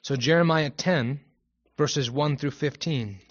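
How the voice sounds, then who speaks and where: A man's voice: on the high side, moderate pace. A man preaching a Bible study sermon, reading King James scripture aloud and then commenting in a conversational way, stopping now and then to correct himself. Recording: muffled lo-fi recording.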